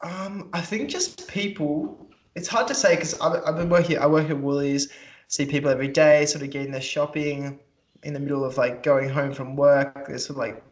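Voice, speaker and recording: A man's voice: fairly high pitch, fairly even intonation, moderate pace, reverberant. A young man, co-hosting a casual podcast and ranting, swearing freely. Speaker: podcast co-host. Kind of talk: casual chat.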